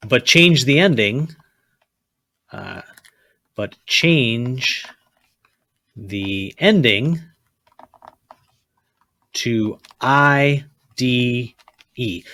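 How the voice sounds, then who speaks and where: A man's voice: medium pitch, sing-song, drawn-out words, pauses often, pushed and bright, no echo. A man teaching a chemistry lesson, blunt and repetitive, often checking with "okay?" and telling students to write things down. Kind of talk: classroom lecture.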